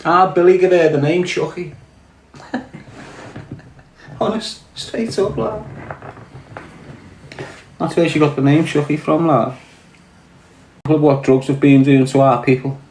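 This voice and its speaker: A man's voice: fairly high pitch, fairly even intonation, slow pace, pauses often, a little mellow, a little hiss or hum. A man with a Liverpool Scouse accent, ranting bluntly on a podcast and swearing heavily. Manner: blunt, heavy swearing, fired-up. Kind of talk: casual rant. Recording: roomy echo.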